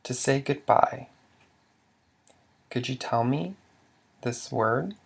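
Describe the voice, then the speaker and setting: Brief: male language teacher with a mid-pitched voice and vocal fry, talking over slides in a measured way with frequent restarts. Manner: measured, stops to restart words, asks then answers questions. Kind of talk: narrated slide lesson.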